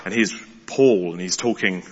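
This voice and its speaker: A man preaching a sermon, animated and excitable, often restarting his words. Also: sits low, moderate pace, a little hiss or hum. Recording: muffled sound in a large reverberant hall.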